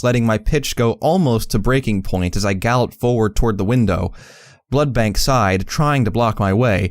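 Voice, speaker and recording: A man narrating a fan fiction audiobook in the first person, measured and reflective. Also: medium pitch, no echo, studio quality.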